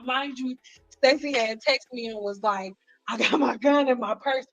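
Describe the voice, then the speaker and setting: A woman hairstylist telling stories in a casual vlog, animated and acting out what people said. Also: a little high, normal speed. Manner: animated, acts out quotes, frequent "like". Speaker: hairstylist vlogger. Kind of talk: casual storytelling to camera. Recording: dull lo-fi sound with faint music behind.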